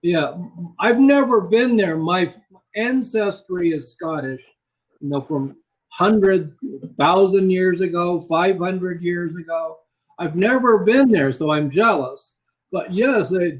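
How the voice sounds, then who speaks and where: A man's voice: high-pitched, animated, slow pace, slightly rough, rough recording. A man who is a native English speaker, tutoring English in a casual conversation over a video call, emphatic and repeating his key phrases.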